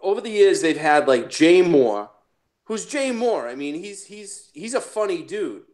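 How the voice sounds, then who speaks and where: A man's voice: sits high, very animated, a little slow, darkish tone. A man from Massachusetts, a podcast guest, rambling in casual profane chat with many restarts and laughs.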